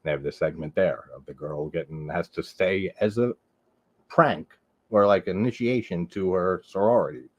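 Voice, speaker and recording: A low-pitched man rambles through a casual live-stream chat, leaning hard on "like" and tossing in swear words. The recording sounds dull and lo-fi. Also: moderate pace, darkish tone. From Long Island, New York. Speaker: host of a horror movie live stream.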